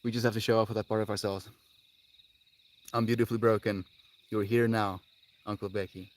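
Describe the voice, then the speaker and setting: A man streaming live to his viewers, talking in a dreamy, heartfelt way with laughs and sighs, long pauses and phrases that trail off quietly. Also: fairly low pitch, level tone. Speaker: livestreamer. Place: outdoors with birds audible.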